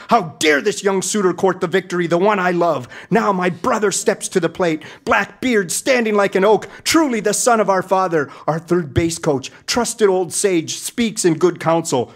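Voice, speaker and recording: High-voiced man telling a mock-epic tale. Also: normal speed. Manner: mock-epic, dramatic delivery. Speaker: storyteller. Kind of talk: comic storytelling.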